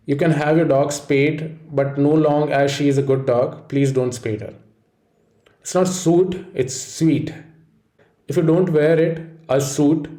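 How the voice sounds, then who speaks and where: A man reads out a pronunciation lesson, steady and explanatory. His voice is mellow and dark. The room around him is echoey. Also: a little high. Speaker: pronunciation teacher. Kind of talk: scripted instructional narration.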